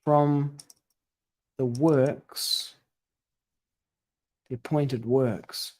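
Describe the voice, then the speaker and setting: A man's voice: medium pitch, steady tone, extremely slow, a little mellow. A man working through a translation aloud, tentative and self-correcting as he muses over each word. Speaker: scripture study presenter.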